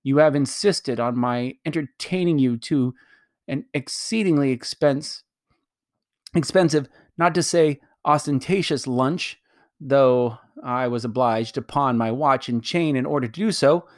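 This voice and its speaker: A man voicing a fussy, pompous old gentleman who complains in aggrieved, formal speech. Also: measured pace, no echo, clean studio sound, lightly acted. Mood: indignant. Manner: pompous, aggrieved, raised pitch.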